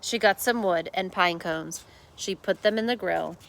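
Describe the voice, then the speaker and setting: A woman teacher reading a picture book aloud in an expressive, unhurried storytelling manner. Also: lowish voice, gravelly.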